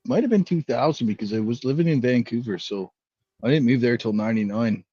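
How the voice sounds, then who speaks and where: A middle-aged man from Canada co-hosting a casual podcast chat, thinking out loud and correcting himself as he goes. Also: medium pitch, fairly quick, husky, no room sound. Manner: rambling, thinks aloud, self-correcting. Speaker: podcast co-host. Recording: dull, dry, lo-fi sound.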